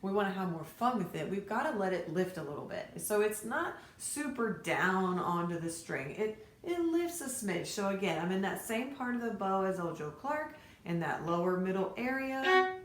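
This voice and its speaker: A woman's voice: mid-range voice, sing-song, normal speed. A woman teaching fiddle to her students in a casual, encouraging way, counting beats and naming bow strokes aloud. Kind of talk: casual instructional talk to students. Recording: echoey room, faint background noise.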